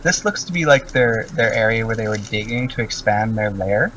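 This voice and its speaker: A man's voice: fairly low pitch, lively intonation, moderate pace, fairly bright tone, a little hiss or hum. Man narrating as game master. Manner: descriptive, full of "um" and "like". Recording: distant mic with faint music.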